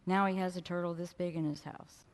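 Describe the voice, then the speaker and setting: A woman speaker with a low voice tells frank, animated stories from a stage and talks straight to the crowd. Her voice carries a long reverb from a big lecture hall. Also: a little fast. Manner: frank, animated storyteller who addresses the audience directly. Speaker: spiritual speaker. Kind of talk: storytelling presentation to a live audience. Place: lecture hall at a fellowship event.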